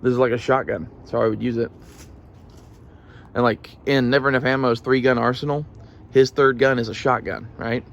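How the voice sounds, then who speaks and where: A man vlogging in a casual, rambling way, swearing freely and filling pauses with "uh" and "you know". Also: medium pitch, steady tone, vocal fry, dull audio, a little hiss or hum. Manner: casual, profane, rambling with fillers. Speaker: gun channel vlogger. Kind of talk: casual rambling gear talk.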